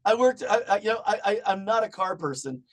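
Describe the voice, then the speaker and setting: A middle-aged man in casual chat as a podcast guest, swearing often and breaking into loud rants. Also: high-pitched, expressive, brisk. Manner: profane, ranting, loud bursts.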